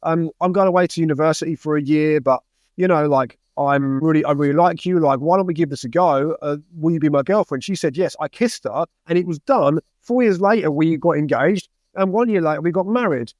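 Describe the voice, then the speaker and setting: A man's voice: a little high, a little fast, darkish tone, no echo. A young man talking as a podcast guest, giving blunt, heated advice in casual conversation.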